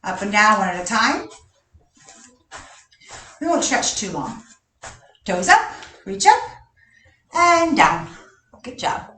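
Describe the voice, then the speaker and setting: Cheerful gymnastics coach, echoey gym. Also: female voice, mid-range voice, very animated, takes it slowly, pauses often, pushed and bright, far from the mic. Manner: cheerful, counts reps aloud, chuckles often. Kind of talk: live online workout class. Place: large gym. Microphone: camera a distance away.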